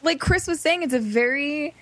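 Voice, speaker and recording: A woman with a fairly high voice tells a film's plot to friends on a casual podcast, full of "like"s and acted-out quotes. The sound is close and dry, with no room around it. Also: normal speed, no echo. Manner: animated storytelling, many "like" fillers. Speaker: podcast co-host. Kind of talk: casual chat.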